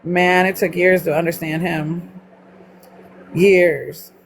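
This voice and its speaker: Southern mom hosting a live stream, blunt and profane, faint hiss behind. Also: female voice, on the low side, level tone, slow pace. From Mississippi. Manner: blunt, swears freely, chatty. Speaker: livestream host. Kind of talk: casual live chat with viewers.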